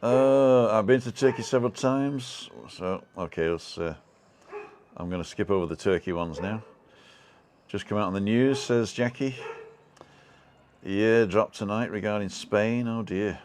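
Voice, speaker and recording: A British man hosts a live stream from home, reading viewer comments aloud and chatting in a loose, rambling way. His voice sits very low, and he leans on fillers and false starts. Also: measured pace, darkish tone. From United Kingdom.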